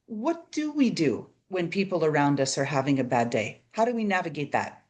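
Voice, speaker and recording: A woman's voice: low voice, very animated, normal speed, a little mellow. A woman hosting a podcast, talking in a conversational, reflective way and often tagging her points with "right?". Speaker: podcast host. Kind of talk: casual interview chat.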